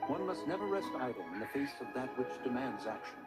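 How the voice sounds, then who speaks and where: A man voicing an aloof ancient beast adept who speaks in measured, archaic, formal sentences, in game dialogue. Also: medium pitch, sing-song, loud music behind the voice, natural voice, rough recording. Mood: grave.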